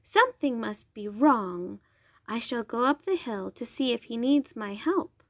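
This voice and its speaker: A woman voicing a worried, determined mother in a storybook reading, speaking gently and earnestly. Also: on the high side, lively intonation, a little slow, dry recording, studio quality.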